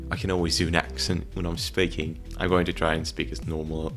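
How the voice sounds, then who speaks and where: A man's voice: extremely low pitch, little pitch movement, a little fast, music in the background. A man rambling casually at his webcam in a room at home, joking at himself while he fiddles with camera settings. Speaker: YouTuber.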